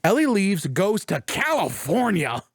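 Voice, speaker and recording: High, lively man telling a game plot. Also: slightly rough, no room sound, clean studio sound. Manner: animated, profane retelling of a video game plot; acts out characters with quick voice jumps. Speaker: podcast co-host. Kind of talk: casual chat.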